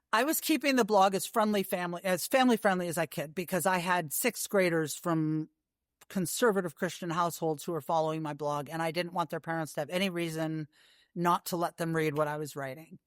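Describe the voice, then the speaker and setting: A woman being interviewed about a long horseback journey, telling her stories in an animated way with many asides. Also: on the low side, fairly quick, dry recording, studio quality. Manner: animated storyteller with frequent asides. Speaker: guest, long-distance horse rider. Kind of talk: casual interview storytelling.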